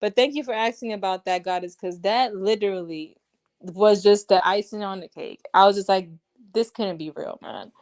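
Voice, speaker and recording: A woman hosting a live-stream chat, talking in animated, indignant bursts. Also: mid-range voice, moderate pace. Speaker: host.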